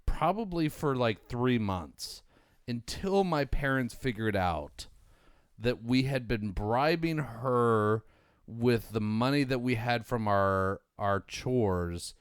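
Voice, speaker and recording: A man's voice: medium pitch, takes it slowly, smooth, no echo. A man in his forties telling a rambling, profane story to friends on a podcast, on a close mic. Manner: rambling, profane, animated anecdote teller. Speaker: podcast co-host. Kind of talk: casual storytelling among friends.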